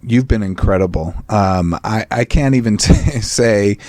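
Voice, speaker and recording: A man hosting an interview, enthusiastic and halting, often restarting his sentences. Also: on the low side, darkish tone, dry recording. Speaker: podcast host. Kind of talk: conversational interview.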